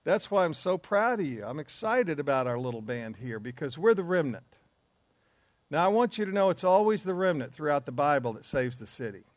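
A man's voice: fairly high pitch, big pitch swings, fairly quick, no echo. A man teaching a men's group in an earnest, emphatic preaching style, with asides along the way.

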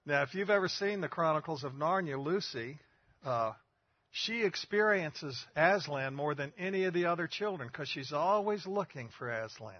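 Older guy preaching, folksy stories, kinda husky, dry dull sound. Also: a little high, lively intonation, moderate pace, no room sound. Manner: folksy storytelling, rhetorical questions. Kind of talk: sermon.

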